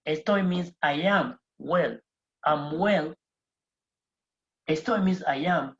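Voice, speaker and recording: Low-voiced woman teaching basic Spanish. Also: highs cut off. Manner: patient, repeats key phrases, spells words slowly letter by letter. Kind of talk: explanatory lesson.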